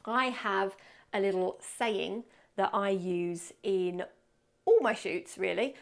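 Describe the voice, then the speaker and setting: A woman's voice: medium pitch, gravelly. A woman teaching portrait posing in a studio, talking casually and showing the poses as she explains. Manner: chatty, demonstrates poses while explaining. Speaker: photography workshop tutor. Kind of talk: casual instructional talk. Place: photo studio.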